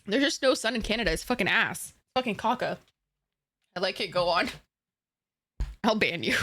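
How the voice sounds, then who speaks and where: A woman's voice: mid-range voice, expressive, normal speed, long pauses, a bit bright, no room sound. A young woman from Egypt streaming a game and chatting casually with viewers, playful and giggly, swearing freely and using slang.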